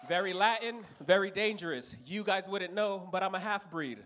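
A man's voice: sits high, normal speed, a bit bright. A man from Los Angeles in his thirties telling a profane stand-up story on a comedy club stage, acting out other people's voices.

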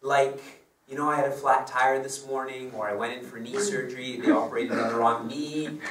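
Amid crowd noise, a man teaches as a spiritual guide at a moderate pace, his medium-pitched voice showing little movement. He tells personal stories chattily and laughs with them in this devotional discourse, heard through a roomy, distant mic.

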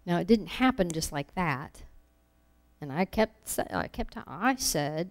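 A woman's voice: lowish voice, big pitch swings, a little slow. A woman giving an informal sermon, telling personal stories in a conversational way with laughs, acting out her own thoughts. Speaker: preacher.

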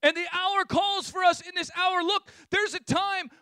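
Impassioned high-voiced male preacher. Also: fairly even intonation, normal speed, no echo, clean studio sound. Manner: impassioned, rising to shouts. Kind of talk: sermon.

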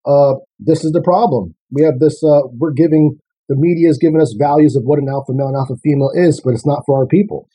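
Dark, husky-voiced man ranting. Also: fairly high pitch, fast talker, low-quality recording. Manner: ranting, listing points in a steady flow. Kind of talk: casual radio talk.

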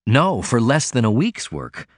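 A man's voice: medium pitch, wildly swooping pitch, unhurried, no echo, studio quality. A man reading an audiobook, voicing a poor young male writer who talks in an earnest, eager way. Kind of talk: audiobook character voice.

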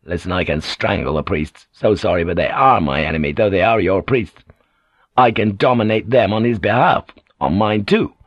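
A man's voice: on the low side, moderate pace, no room sound, highs cut off, natural voice. A man voicing a bold, impatient English ship's pilot who talks bluntly and urgently. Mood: forceful.

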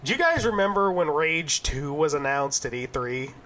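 A man with a high, bright-edged voice hosts a casual gaming podcast. He talks in an animated, joking way and swears freely while telling a story. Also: moderate pace, over a noisy crowd. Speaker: podcast host.

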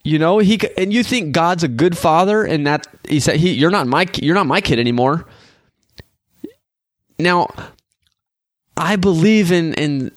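Animated man with a lively voice. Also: fairly high pitch, no echo, clean studio sound. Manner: animated, acts out quoted voices. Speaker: podcast host and minister. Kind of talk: casual faith talk.

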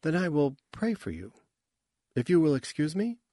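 A tiny, severe, pious woman of no clear age, as a male narrator puts her on. She speaks hushed and grave, in short, clipped phrases. The sound is dry and close. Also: a little high, big pitch swings, normal speed, no echo, voice pushed up.

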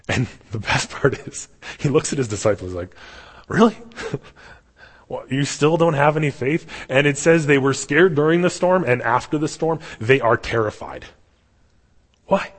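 A young man preaching a sermon in a casual, animated storytelling way. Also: medium pitch, breathy edge. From Canada. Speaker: pastor. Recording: long hall reverb.

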